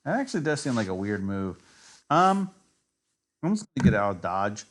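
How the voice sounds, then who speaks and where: A man with a fairly low voice and big pitch swings streams his chess games at normal speed after a few drinks. In his casual live commentary he rambles, trash-talks, swears plenty, and pokes fun at himself.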